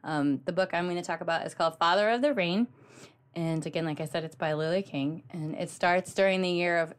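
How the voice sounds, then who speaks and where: A woman co-hosting a podcast, talking about books in a gushing, animated way with lots of ums. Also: fairly low pitch. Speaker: podcast co-host. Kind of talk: casual book chat.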